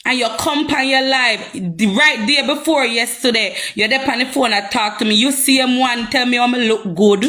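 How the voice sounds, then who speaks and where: A woman's voice: fairly high pitch, normal speed, hardly any pauses, bright, forceful tone. A young Jamaican woman ranting heatedly on a live stream, confrontational and repeating herself. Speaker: social media personality.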